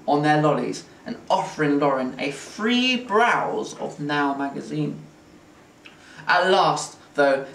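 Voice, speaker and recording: Man reading a children's story aloud. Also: fairly high pitch. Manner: expressive, playful narration. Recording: roomy, distant mic, faint hiss.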